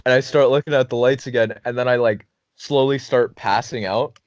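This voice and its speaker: A man's voice: medium pitch, moderate pace, no room sound, dull audio. A young man hosting a podcast, telling a funny story casually, cursing often and laughing as he goes. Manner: laughing, profane, animated storytelling. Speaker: podcast host.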